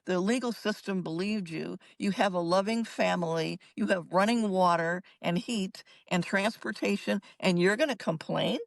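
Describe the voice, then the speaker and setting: Older woman, gravelly voice, dry close mic, emphatic and earnest, podcast interview guest. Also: medium pitch, moderate pace, hardly any pauses, no room sound. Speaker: guest psychologist. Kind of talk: recounting her story in an interview.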